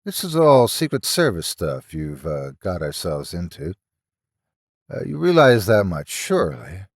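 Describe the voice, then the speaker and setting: A man's voice: low voice, huge pitch swings, measured pace, gravelly, no room sound, clean studio sound, full character voice. A man voicing an anxious male doctor held captive, who speaks urgently and with sarcasm. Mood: tense.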